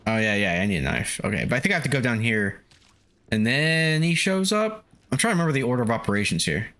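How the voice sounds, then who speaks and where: Man, game streamer, casual commentary, frequent swearing, laughing, lively pitch. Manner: swears freely, laughs often, chatty.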